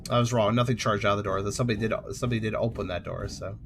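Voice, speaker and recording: A man's voice: on the low side, steady tone, racing, gravelly, background noise. A man hosting a let's play, talking through a game in a chatty way with muttered asides and frequent laughs. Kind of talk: gameplay commentary.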